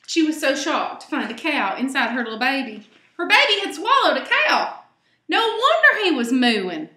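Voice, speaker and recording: An animated woman reads a children's story aloud in a bright, high voice that swoops all over. She talks straight to the kids, and a roomy echo hangs around her. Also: measured pace. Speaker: storyteller host.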